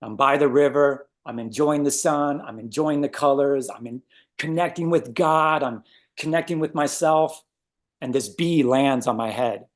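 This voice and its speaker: A man casually telling a personal story as a guest, animated and acting out his own reactions. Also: medium pitch, normal speed.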